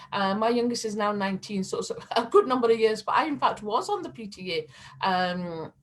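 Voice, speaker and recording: A middle-aged woman speaking as a panelist on a video call, talking passionately and building to emphatic appeals. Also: mid-range voice. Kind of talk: earnest discussion on a video call.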